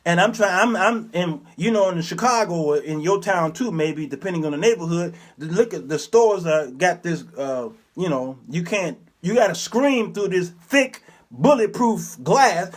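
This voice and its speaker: A man in his fifties with a high-pitched voice for a man, hosting his own talk show. He tells stories in an animated, preacherly manner, dropping into the voices of the people he describes. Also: normal speed. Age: 50s. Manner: preacherly, animated, acts out characters. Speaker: show host. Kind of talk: commentary monologue with storytelling.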